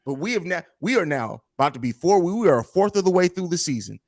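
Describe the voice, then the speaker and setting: A man's voice: fairly high pitch, big pitch swings, fast, a little mellow. A man co-hosting a sports podcast, making his case in casual debate and backing his points with stats. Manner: argumentative, builds points with stats, repeats phrases.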